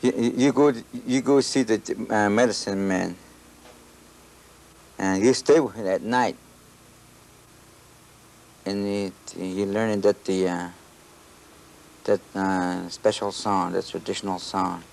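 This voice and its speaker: An older Navajo man, a traditional singer whose first language is Navajo, answers interview questions in halting, restarting English. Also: lowish voice, fairly even intonation, vocal fry, darkish tone. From Navajo Nation. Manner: halting, searching for words, many restarts. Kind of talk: archival interview.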